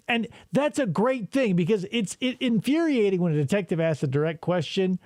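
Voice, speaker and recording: A man's voice: high voice, animated, brisk, hardly any pauses, a little mellow, dry recording, clean studio sound. A man hosting a podcast, talking casually and profanely about interrogation footage, rambling and laughing as he goes. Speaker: podcast host.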